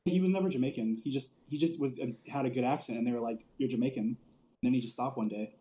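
A man's voice: mid-range voice, fast, warm tone, poor audio. A man telling wrestling stories in casual chat, loose and profane, laughing often and filling with "like". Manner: loose storyteller, swears a lot, laughs often, many "like" fillers. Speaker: podcast co-host.

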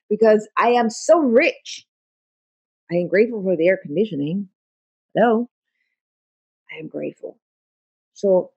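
A woman's voice: medium pitch, darkish tone, husky, no room sound. A woman life coach giving a motivational talk, emphatic and full of repeated affirmations.

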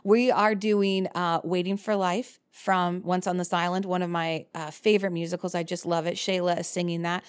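A woman in her thirties, a cabaret performer, telling lively stories in casual chat and laughing often. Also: lowish voice, normal speed, few pauses, clean tone. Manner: animated storyteller, laughs often.

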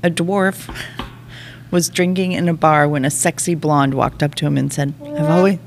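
A mid-pitched voice with a gravelly edge, chatting casually and reading a joke aloud with voices for each character. There is faint ambience in the background. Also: steady tone, normal speed, a little hiss or hum. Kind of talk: casual podcast chat.

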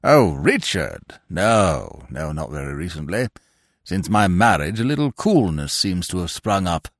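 A pompous elderly nobleman, as a man puts him on, speaking in a deep, unhurried drawl. Every word is weighed and formal. The sound is close and dry, with a wide swing in the voice. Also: big pitch swings, dry recording, exaggerated voice. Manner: slow, ponderous, deep and measured. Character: pompous elderly male peer, stiff and formal.

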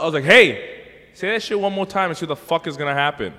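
A man in a casual podcast chat, lively and laughing as he swears and acts out a street confrontation. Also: fairly high pitch, fast talker, in a large hall.

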